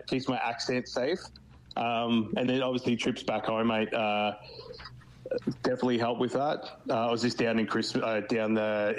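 Halting Australian man, flat low voice. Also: poor audio. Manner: halting, many fillers and restarts. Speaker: guest, football club official in Canada. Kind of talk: phone-in radio interview.

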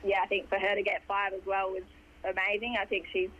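A young Australian woman with a hoarse voice, a footballer chatting in a rambling way with lots of fillers during a phone interview. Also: mid-range voice, completely flat delivery, brisk, fairly bright tone. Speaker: footballer guest. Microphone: phone line. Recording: dull phone line.

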